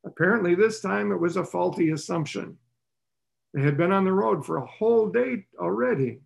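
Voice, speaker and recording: In a conversational sermon, a man with a creaky voice and lively intonation speaks at normal speed, posing rhetorical questions to his listeners. When he voices the characters' lines, his pitch rises.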